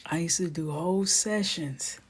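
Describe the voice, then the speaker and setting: A woman chatting casually on a live stream as she colors, greeting viewers by name, often dropping to a soft near-whisper. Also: on the low side, a little slow, husky.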